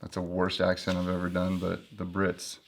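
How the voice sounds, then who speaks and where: Chatty male host, casual book review, lowish voice, joking asides. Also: monotone, moderate pace, creaky. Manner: chatty and joking, flips through pages. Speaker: host reviewing an old climbing guidebook.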